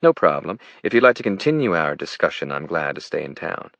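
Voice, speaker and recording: A man voicing a calm, ambitious woman governor in an audiobook. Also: rumbling low, vocal fry, dry recording, highs cut off, full character voice. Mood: polite. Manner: measured and calm. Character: female governor, composed and ambitious.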